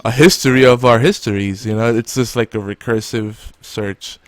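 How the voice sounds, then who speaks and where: A man hosts a podcast in a relaxed, rambling way, full of ums and jokes. His voice sits in the middle range and sounds dry and close to the mic. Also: mid-range voice, normal speed, no echo. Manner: rambling, many fillers, joking. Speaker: podcast host. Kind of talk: casual podcast chat.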